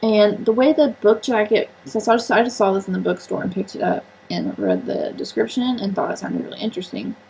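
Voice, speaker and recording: Chatty, rambling woman with a creaky voice. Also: mid-range voice, very animated, a little fast, few pauses, warm tone, slight background noise, low-quality recording. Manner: chatty, rambling, self-mocking, many fillers. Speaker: book and sewing vlogger. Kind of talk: casual solo vlog chat.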